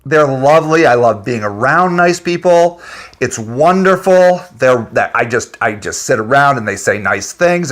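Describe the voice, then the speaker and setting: A man rants with agitation and plenty of swearing, chuckling between his points. His voice sits high and leaps around in pitch as he goes. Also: very animated, measured pace, fairly bright tone. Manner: profane, agitated, laughing between lines. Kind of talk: unscripted ranting monologue.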